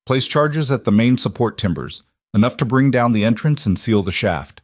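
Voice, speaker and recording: A man's voice: mid-range voice, animated, normal speed, no echo, natural voice. A man voicing a cold, calculating male villain who runs a mine, speaking with menacing politeness.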